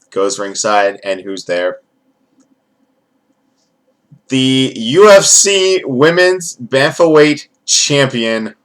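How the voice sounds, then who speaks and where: A man's voice: fairly low pitch, a bit bright. A man giving a rambling, profane, jokey recap as a casual wrestling event reviewer.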